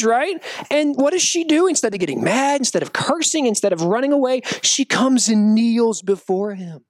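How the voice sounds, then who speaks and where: Animated joking male youth pastor. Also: very high-pitched, no echo. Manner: animated, joking, acts out quotes. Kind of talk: youth sermon.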